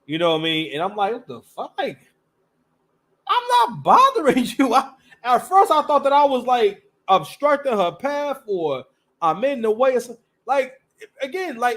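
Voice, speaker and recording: High-voiced man rambling through stories. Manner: loose, rambling, full of restarts and slang. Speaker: live stream host. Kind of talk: casual storytelling monologue.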